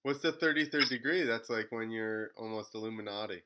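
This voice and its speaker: Bright-voiced joking male podcast host. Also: fairly low pitch, brisk. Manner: joking, laughs often, tells stories. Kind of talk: casual chat.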